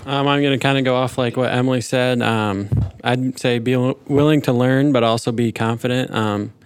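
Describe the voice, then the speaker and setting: Laid-back young man, flat smooth voice. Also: medium pitch, normal speed. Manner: laid-back, hesitant fillers. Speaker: intern.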